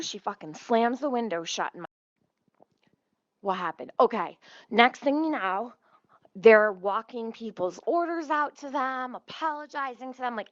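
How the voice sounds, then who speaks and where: A woman livestreamer tells a story in a loose, rambling way, swearing constantly and drifting off topic. Her voice sits at a middling pitch and sounds close and dry, with dull, low-fidelity stream audio. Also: a bit bright, no echo. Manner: profane, rambling, easily sidetracked.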